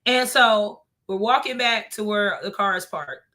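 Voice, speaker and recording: A woman telling stories in a casual chat. She is animated, laughs often and swears freely. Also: mid-range voice, unhurried.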